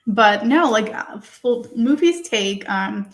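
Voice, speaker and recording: A young woman hosting a casual podcast chat, excitable and chatty, often breaking into laughter. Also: on the high side, takes it slowly. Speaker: podcast host.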